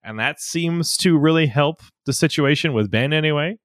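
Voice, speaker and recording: A man's voice: on the high side, moderate pace, no echo, clean studio sound. A man on a casual podcast, responding supportively and offering practical parenting advice. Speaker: podcast co-host. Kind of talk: casual chat about parenting.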